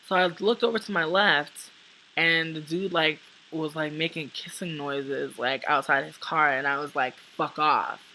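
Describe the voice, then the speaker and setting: A woman's voice: low voice, sharp tone, a little hiss or hum, poor audio. A young woman vlogger telling a long true story in casual, profane chat, acting out what people said to her.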